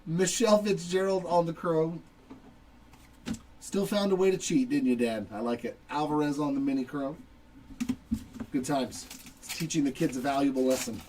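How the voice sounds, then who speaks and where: A man's voice: a little high, moderate pace, pauses often, darkish tone, recorded from a distance, poor audio. A middle-aged man hosting a live card break, casually joking and calling out each card as he pulls it. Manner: joking, chatty, reads out cards as he pulls them. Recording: voice somewhat off-mic with faint background noise.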